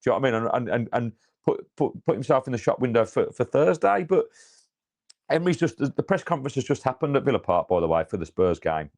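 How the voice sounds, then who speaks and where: Sweary animated football podcast host. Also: male voice, medium pitch, fast talker. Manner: animated, sweary, frequent restarts. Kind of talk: casual football podcast chat.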